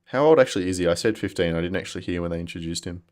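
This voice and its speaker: Low-voiced man, wry match chat. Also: rapid-fire, darkish tone. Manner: wry, analytical, thinks aloud with restarts. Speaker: podcast co-host. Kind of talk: casual live match chat.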